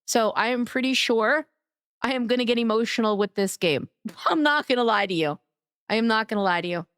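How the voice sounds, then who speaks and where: A woman's voice: on the high side, fairly quick, a bit bright, dry recording. Chatty, affectionate woman streamer, close and dry. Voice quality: somewhat raspy today. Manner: affectionate, greets chat by name, chatty. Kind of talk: casual live-stream chat.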